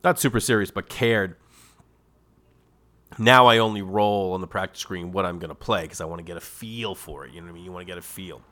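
Low-pitched and fairly quick, this middle-aged Massachusetts podcast host runs a loose, comic monologue. He tells stories with plenty of animation, breaking into exaggerated voices for the people he quotes.

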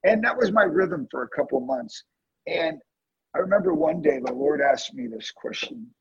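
A man tells an emotional prayer story with real feeling, his voice rough and strongly gravelly. It swings up and down with lively energy. The recording is dry and a little dull, like a lo-fi podcast. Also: moderate pace, no room sound. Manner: earnest, emotional testimony with animated swings in pitch. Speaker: guest, prayer ministry leader. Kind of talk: storytelling in a conversation.

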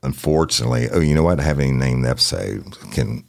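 A man hosting a true-crime podcast from a studio, talking in a folksy, plain-spoken way with drawn-out phrasing. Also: extremely low pitch, creaky, dry recording. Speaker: podcast host.

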